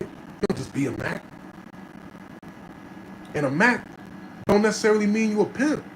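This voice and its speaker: A man telling stories in an animated, slangy way, often checking in with "right?" as an interview guest. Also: a little high. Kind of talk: casual storytelling chat. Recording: noticeable background noise.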